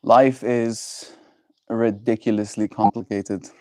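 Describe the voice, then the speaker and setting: A man hosting a livestream, chatting with viewers and musing slowly and gently about emotions. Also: lowish voice, fairly even intonation, no echo. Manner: gentle, musing, thoughtful pauses. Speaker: livestream host. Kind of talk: reflective livestream chat.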